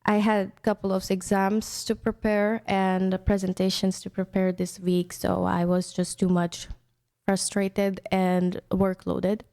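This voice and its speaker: A woman's voice: medium pitch, level tone, measured pace, dark tone. A young woman from India, hosting an internet radio show in casual, chatty storytelling talk with many restarts.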